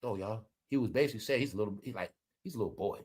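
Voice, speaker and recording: A man giving animated, slangy casual commentary, often turning to his viewers. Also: fairly low pitch, rapid-fire, husky. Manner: animated, slangy, keeps addressing the audience. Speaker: commentary vlogger.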